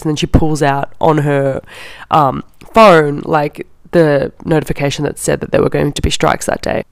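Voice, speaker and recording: A woman's voice: low-pitched, vocal fry, clear, resonant tone, no room sound, clean studio sound. A young woman, hosting a podcast and telling a casual story in a chatty way, often saying "like". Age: young adult. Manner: chatty, heavy use of "like". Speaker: podcast host.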